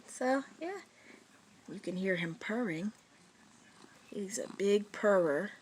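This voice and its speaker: A woman vlogger chatting casually about her pets, relaxed and rambling. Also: mid-range voice, takes it slowly, slight background noise. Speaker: pet owner vlogger. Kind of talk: casual chat.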